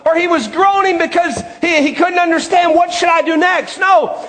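A man preaching a sermon, impassioned and often shouting, drawing out words for emphasis. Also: extremely high pitch, moderate pace.

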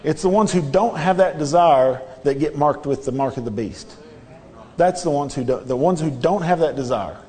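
A man's voice: fairly high pitch, animated, normal speed, mellow. Earnest preacher man in a reverberant church. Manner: earnest, repetitive exhortation with rhetorical questions. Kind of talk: sermon. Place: church sanctuary.

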